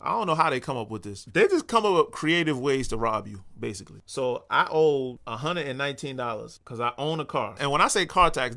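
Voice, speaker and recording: A man's voice: mid-range voice, bright, forceful tone. A young man, ranting bluntly and profanely in a casual talk as the show's host. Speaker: vlog host. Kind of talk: casual rant.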